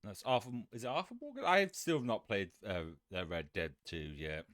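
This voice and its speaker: A man chatting casually on a live stream, rambling and swearing, growing animated when he rants. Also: lowish voice, brisk, no room sound, studio quality.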